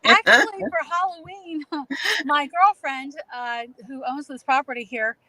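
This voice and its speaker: A woman's voice: high-pitched, a little slow, a crowd in the background, poor audio. A middle-aged woman with a New England accent, chatting casually as a guest, with lots of fillers and restarts. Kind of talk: casual video chat.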